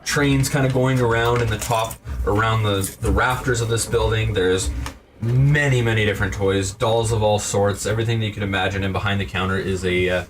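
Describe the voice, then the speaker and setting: A man narrating a tabletop game as game master, relaxed and rambling, with many fillers. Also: fairly low pitch, brisk. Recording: distant mic, noisy room.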